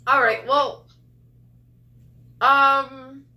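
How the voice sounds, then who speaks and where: A woman's voice: sits high, level tone, extremely slow, sharp tone. A woman playing a tabletop role-playing game, chatting casually and laughing with her group. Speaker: player.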